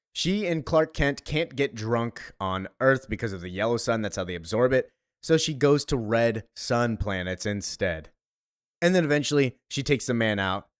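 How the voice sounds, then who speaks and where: A man's voice: medium pitch, clear, resonant tone, no room sound. Casual male host, loose and chatty in a comic recap, dry close mic. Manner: chatty, loose paraphrasing with fillers.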